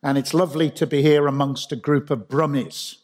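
Husky Birmingham-accented man preaching. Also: a little high, fairly even intonation, brisk, darkish tone. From Birmingham, England. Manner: conversational, self-deprecating storytelling with frequent restarts. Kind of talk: sermon.

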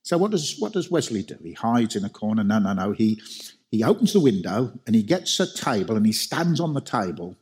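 A man's voice: lowish voice, big pitch swings, a little fast, a little mellow, slightly rough. A man preaching a sermon, emphatic, asking rhetorical questions and repeating key phrases.

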